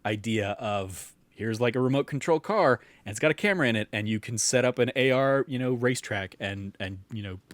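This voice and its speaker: A man's voice: mid-range voice, a little fast, hardly any pauses, dry recording. A young man co-hosting a podcast, chatting casually and rambling with many fillers and restarts. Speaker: podcast co-host. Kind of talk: casual chat.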